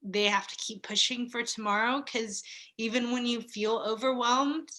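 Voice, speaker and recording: A woman in her thirties talking slowly and reflectively in a casual, heartfelt chat, pausing and laughing softly. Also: on the high side, fairly even intonation. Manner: slow, reflective, with soft laughs and pauses. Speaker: guest.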